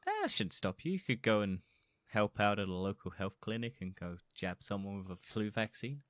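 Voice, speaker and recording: Young man, low voice, bright tone, crude blunt podcast chat. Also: sing-song, no echo, studio quality. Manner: blunt, crude, quick asides. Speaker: podcast co-host.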